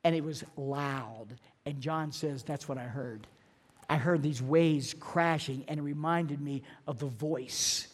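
A man's voice: on the high side, slow. A middle-aged man preaching a sermon, telling stories in a loose, conversational way with restarts and then reading scripture with emphasis. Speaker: pastor. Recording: long reverb of a large hall.

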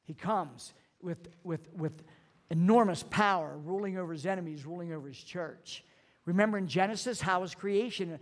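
A middle-aged man preaching a sermon, telling stories in a loose, conversational way with restarts and then reading scripture with emphasis. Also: on the high side. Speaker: pastor. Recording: long reverb of a large hall.

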